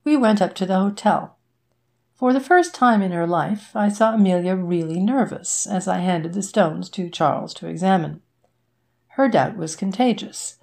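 A woman reading a classic story aloud as an audiobook narrator, in a steady storytelling manner. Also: fairly low pitch, creaky. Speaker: audiobook reader. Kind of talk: scripted narration.

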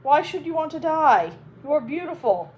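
A woman reading aloud, voicing a brash young male army captain who is boastful and quick to fight. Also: high voice, very animated, a little mellow, a little hiss or hum, voice pushed up, poor audio. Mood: eager.

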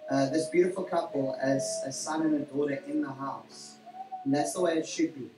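A South African male pastor leads a church service in a mid-pitched voice, sounding warm but rambling, with frequent fillers and self-corrections. He's recorded from a distance in a roomy, echoey church hall, with faint music in the background.

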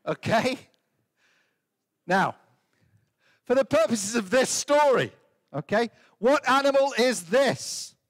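A man's voice: very high-pitched, expressive, slow, pauses often. A man leading a children's talk in a church service, playfully asking the young ones questions and coaxing answers. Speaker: priest leading a family service.

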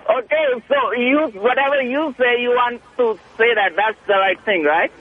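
High husky male caller on a tinny phone line. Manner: defensive, halting, many restarts. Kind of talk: call-in radio talk.

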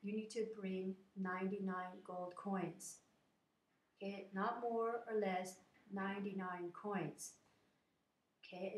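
A woman's voice: mid-range voice, a little mellow. A woman casually retelling a fairy tale in a personal message, informal and meandering. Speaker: storyteller. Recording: echoey room.

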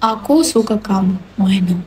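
A woman's voice: mid-range voice, fairly quick, mellow, a little hiss or hum, low-quality recording. A young woman in her twenties with a Belarusian accent, chatting cheerfully on a livestream in broken English, repeating greetings and thanks. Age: 20s. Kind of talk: casual live-stream chat reading comments.

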